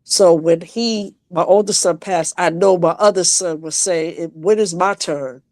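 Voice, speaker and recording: A woman on a video call from home, a guest telling an emotional personal story on a live stream, halting and restarting as she speaks. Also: lowish voice, a little mellow, no room sound.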